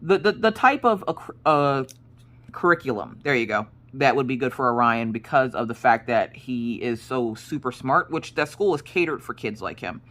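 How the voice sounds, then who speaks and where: A woman's voice: a bass voice, lively intonation, normal speed, a bit bright. Rambling, chatty woman in her thirties. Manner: rambling, chatty, frequent self-corrections. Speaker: crafting streamer. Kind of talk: casual chat while crafting.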